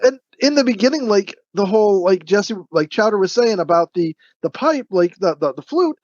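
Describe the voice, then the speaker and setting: A chatty podcast co-host with plenty of filler and frequent laughs. The pitch moves freely, and the recording is dry and slightly dull. It sounds like an inexpensive mic. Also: expressive, normal speed, darkish tone, no echo. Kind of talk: casual podcast chat.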